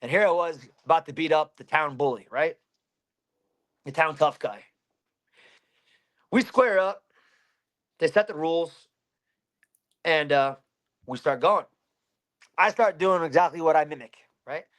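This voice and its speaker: A man's voice: on the high side, animated, a little slow, pauses often, a bit bright. A man in his thirties from Pennsylvania, a fighter telling a story in an interview, blunt and heavy with swearing.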